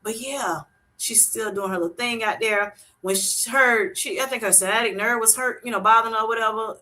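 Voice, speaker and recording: A woman hosting a casual livestream, answering viewers' comments with a bright, ringing voice that sits somewhat high. She tells animated stories and laughs often, calling people "honey" and "sweetheart". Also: fairly quick. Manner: uses Southern-style endearments like honey and sweetheart. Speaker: livestream host reading chat.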